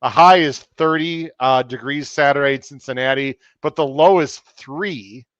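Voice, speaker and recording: A man's voice: medium pitch, normal speed, fairly bright tone, dry recording, muffled recording. A man hosting a live-streamed podcast, chatty and upbeat, reading out viewer comments between topics. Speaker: podcast host.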